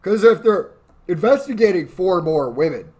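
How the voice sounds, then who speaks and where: A man's voice: high-pitched, expressive, normal speed, a little mellow. A tipsy man ranting in a crude, rambling, profane way as host of his own show. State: drunk. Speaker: podcast host. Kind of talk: drunken political rant.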